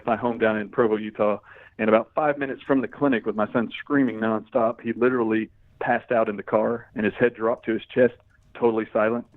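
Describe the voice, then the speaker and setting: Speaking at a medium pitch, this middle-aged interview guest tells a story from his own life and performs the quoted dialogue with lively energy. There's no room sound, and the audio is dry with a thin, phone-like quality.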